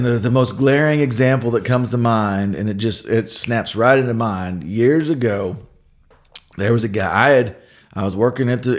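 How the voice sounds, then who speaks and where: A middle-aged man hosting a Christian podcast, telling a workplace story in a conversational monologue and tagging his points with "right?". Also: medium pitch. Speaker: podcast host.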